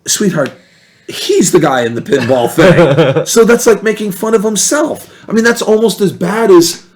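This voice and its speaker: A man spins a story in relaxed podcast chat, his pitch leaping around as he acts out the people he quotes. He talks in an animated, lively way. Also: moderate pace. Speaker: podcast guest. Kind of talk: casual storytelling.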